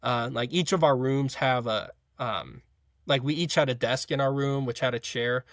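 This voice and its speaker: A young college football player telling a story in a casual interview, rambling with frequent fillers and restarts. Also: male voice, mid-range voice, normal speed, dry recording, clean studio sound. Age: young adult.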